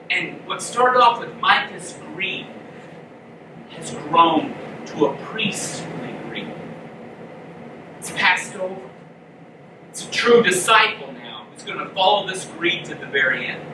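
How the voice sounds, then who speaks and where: A man preaching a sermon as a pastor, telling the story with lively acted-out voices for the characters. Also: high voice. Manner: animated storytelling, acting out the characters' lines. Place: church hall. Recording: echoey room, mic from a distance, noisy.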